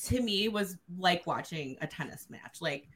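A woman's voice: fairly low pitch, animated, normal speed, a bit bright, husky. A woman co-hosting a book review podcast, talking in a casual, thoughtful way. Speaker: podcast co-host.

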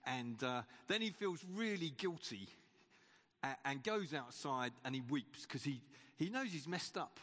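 A male preacher delivers a sermon in a conversational way, often restarting and repeating words as he goes. His voice sits somewhat high for a man. A long reverb from the church hall trails after each phrase. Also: expressive, measured pace, fairly bright tone. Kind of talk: sermon with retold Bible story.

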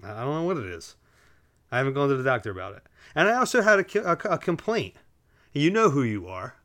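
A man hosts his own solo podcast from home, relaxed and drinking as he records. His medium-pitched voice is fairly bright, with big pitch swings and a quick pace. The sound is clean studio quality with no echo, and he rambles casually with lots of fillers and jokey asides to listeners.

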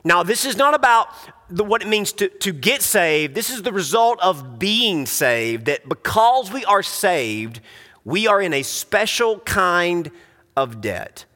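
A man's voice: sits high, big pitch swings, a little slow, pushed and bright. Earnest preacher man in a reverberant hall. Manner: earnest, emphatic, with frequent restarts. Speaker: pastor. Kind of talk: sermon.

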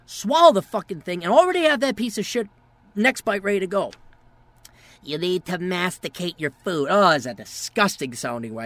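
A man's voice: high voice, fairly bright tone, dry recording. A man hosting a podcast, delivering a profane, exasperated rant. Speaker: podcast host. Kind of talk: ranting podcast monologue.

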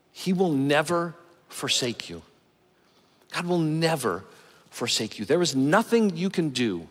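A middle-aged male pastor preaching a sermon with measured, emphatic pauses. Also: medium pitch, fairly bright tone. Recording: long hall reverb.

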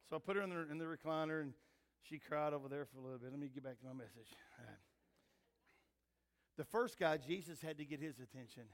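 An older man preaching a sermon as pastor. He swings between loud emphatic calls and quiet asides, and mixes scripture reading with homespun family stories. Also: medium pitch, fast. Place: church sanctuary. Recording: long church hall reverb.

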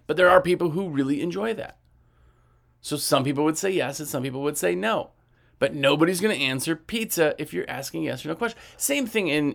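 A man's voice: fairly high pitch, vocal fry, a bit bright. A man giving a casual talk on selling window cleaning, acting out sales dialogue and often checking in with "right?". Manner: conversational, acts out sales dialogue, frequent "right?". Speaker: window cleaning business trainer.

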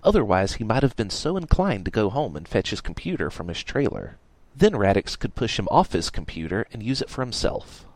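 A man reading a story aloud in a wry, lively storytelling manner. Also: on the low side, fairly quick, dry recording. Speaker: narrator.

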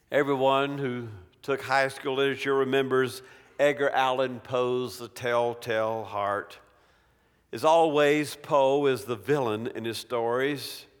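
A man preaching a sermon to a congregation, slow and dramatic, swinging from raised, forceful lines to hushed, quiet drops. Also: mid-range voice. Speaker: pastor. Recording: long reverb of a church hall.

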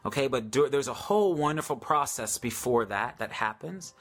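A man's voice: mid-range voice, animated, moderate pace. A man hosting a casual live question-and-answer session on faith, enthusiastic and hesitant, with many ums and restarts. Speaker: host answering viewer questions.

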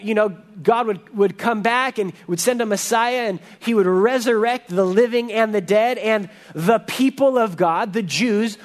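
A man preaching a sermon with a high-pitched voice. He speaks earnestly and with emphasis, and he often stumbles and restarts mid-sentence as he explains the passage. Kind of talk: expository sermon.

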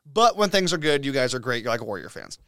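A man hosting a casual sports podcast, talking in an excitable, opinionated way full of profanity. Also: mid-range voice, fast talker, no echo, clean studio sound. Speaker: podcast host.

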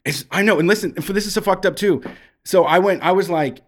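A man on a podcast, telling stories in a profane, animated way and acting out what people said. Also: on the high side, brisk. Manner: profane, animated storytelling with acted-out quotes. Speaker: podcast co-host. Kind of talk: casual storytelling chat.

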